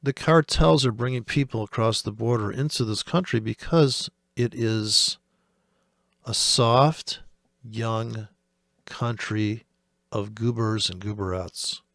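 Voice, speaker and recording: A man's voice: fairly low pitch, takes it slowly, vocal fry, a bit bright, no echo, clean studio sound. A man from the United States giving rambling, profane, sarcastic commentary on the markets as host of a trading channel.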